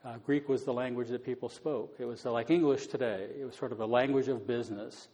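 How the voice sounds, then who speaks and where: A man's voice: mid-range voice, fairly even intonation, brisk, dark tone. Guy teaching bible stuff, chatty w lots of uhs, reverby sound. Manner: conversational, many fillers, paraphrases scripture casually.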